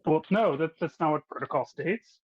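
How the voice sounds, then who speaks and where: A man's voice: fairly high pitch, normal speed, husky, muffled recording. A man voicing a stern male German trooper who guards his post and goes by the rules, scolding curtly. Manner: curt, by-the-book scolding.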